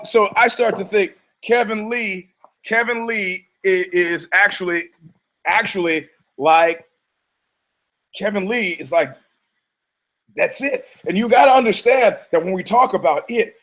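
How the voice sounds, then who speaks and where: Podcast host, a man from Detroit with a slightly high voice, loose and profane, stumbles and restarts. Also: measured pace, fairly bright tone, poor audio. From Detroit, United States. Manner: profane, laughing, frequent restarts. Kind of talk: rambling casual commentary.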